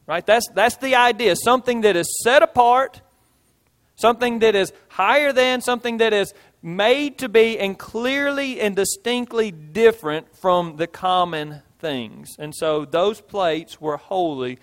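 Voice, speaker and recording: Male preacher, high tenor, folksy storytelling sermon delivery. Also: measured pace, a bit bright. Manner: folksy, illustrates with homey stories and repetition. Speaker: pastor.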